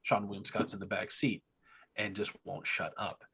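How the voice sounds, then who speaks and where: A man's voice: on the low side, monotone, moderate pace, vocal fry, fairly bright tone, husky. A man co-hosting a podcast, telling a story in a casual, hesitant way. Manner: storytelling, hesitant with many restarts. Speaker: podcast co-host. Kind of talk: casual chat.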